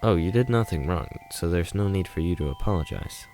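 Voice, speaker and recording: A man's voice: deep voice, animated, brisk, warm tone, soft background music. A man reading a visual novel aloud, voicing an aloof, disdainful mnemonicide in a stiff, formal and curt manner. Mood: dry. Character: young woman, cold aloof Mnemonicide, disdainful.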